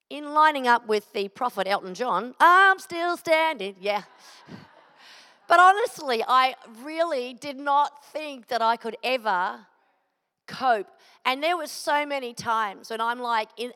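A woman's voice: fairly high pitch, a bit bright. Woman preaching in a reverberant hall. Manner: earnest, personal testimony, emphatic repetition. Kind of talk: sermon.

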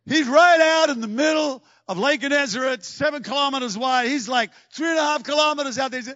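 A man preaching a sermon, telling stories with lively energy and acting out the scenes he describes. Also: very high voice, fairly quick, few pauses, no echo, lo-fi sound. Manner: animated storytelling, acts out scenes.

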